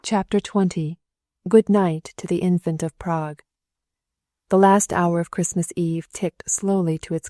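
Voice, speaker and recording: A woman narrating a classic novel as an audiobook, gentle and measured, close to the mic. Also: on the low side, no echo. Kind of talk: scripted narration.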